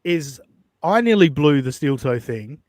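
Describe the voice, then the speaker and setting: A man's voice: fairly high pitch, expressive, a little slow, a little mellow, dry recording. A man hosting a casual commentary podcast, blunt and profane as he talks. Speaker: podcast host.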